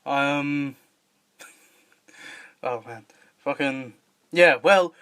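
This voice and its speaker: Man, young adult, podcast host, casual banter, laughs a lot, crisp bright tone. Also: medium pitch, drawn-out words. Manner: jokey, laughs often, swears casually. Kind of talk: casual chat.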